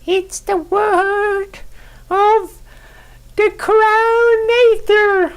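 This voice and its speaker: A man voicing a high, drawn-out hype announcer who shouts boasts about the podcast host. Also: level tone, heavily acted. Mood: boastful hype.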